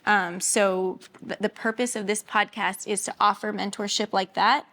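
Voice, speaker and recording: A young adult woman hosting a podcast. She introduces a guest and then explains the show in a measured, hesitant way. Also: medium pitch, fairly even intonation, a bit bright. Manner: measured, hesitant, with fillers and restarts. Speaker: podcast host.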